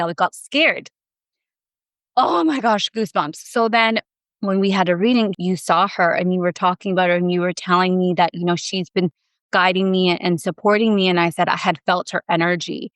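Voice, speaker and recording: A woman in her thirties, a podcast guest, telling a personal story in casual chat, animated and emotional, with lots of fillers. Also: medium pitch, moderate pace, smooth, no room sound.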